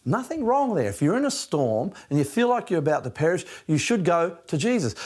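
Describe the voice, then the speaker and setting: A middle-aged Australian man preaching a sermon, passionate and dropping from loud emphasis to hushed near-whispers. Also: fairly high pitch, very animated, fairly quick, few pauses. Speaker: pastor.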